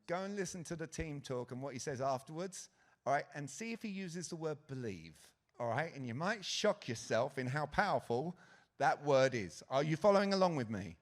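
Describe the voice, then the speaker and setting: A man's voice: fairly high pitch, normal speed. A man giving a live sales talk at a conference, asking the audience questions and acting out quotes. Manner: lively, asks the audience questions, acts out quotes. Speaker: conference speaker. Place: conference hall stage.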